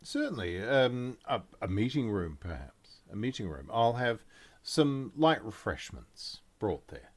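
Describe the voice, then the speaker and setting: A man's voice: on the low side, big pitch swings, a little slow. A man voicing a polite, flustered male concierge who fusses over his guests.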